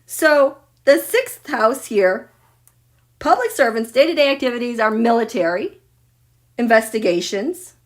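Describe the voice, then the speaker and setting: A middle-aged woman hosting a live astrology reading, excitable and gushing, swinging from loud exclaiming to near whispers. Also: on the high side, measured pace. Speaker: astrology and tarot livestream host.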